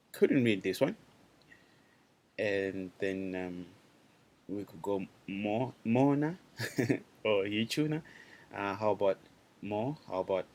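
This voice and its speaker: A man with a lowish voice teaches a small language class in a loose, chatty way. He restarts his sentences and keeps checking in with his students. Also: darkish tone.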